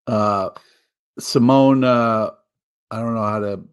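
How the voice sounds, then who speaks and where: A man co-hosting a casual live-streamed talk show, relaxed and laid-back with hesitant fillers. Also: on the low side, slow pace, clear, resonant tone, dull audio. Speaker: podcast co-host.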